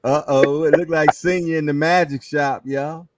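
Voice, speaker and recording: A man's voice: a little high, fairly even intonation, normal speed, noisy background. A middle-aged man hosting a casual hangout show, joking loosely in slang and telling stories with frequent laughs. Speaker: host. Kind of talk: casual chat and storytelling.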